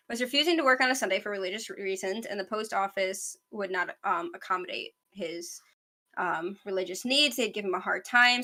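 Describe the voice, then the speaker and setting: A woman in her twenties hosting a podcast, chatting about the news in a fast, rambling way. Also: medium pitch, pushed and bright. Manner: fast, rambling, self-aware talker. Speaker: podcast host. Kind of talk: casual news chat.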